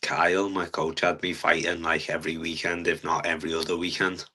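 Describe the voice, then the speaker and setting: Young man, guest fighter; very low, flat, bright-edged voice; earnest, hesitant delivery. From England. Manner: earnest, halting with many fillers. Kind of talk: casual interview talk.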